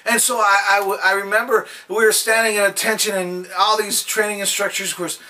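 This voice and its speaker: A man with a high, bright and forceful voice gives a daily devotional, telling folksy anecdotes along the way. He sounds a little distant from the microphone. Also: flat delivery, brisk. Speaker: devotional speaker.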